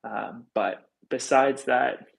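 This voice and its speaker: A man's voice: medium pitch, slow, creaky, slight background noise, rough recording. A man of thirty hosting a reptile livestream, chatting casually and candidly as he reads viewer comments, with frequent fillers. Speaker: reptile channel host.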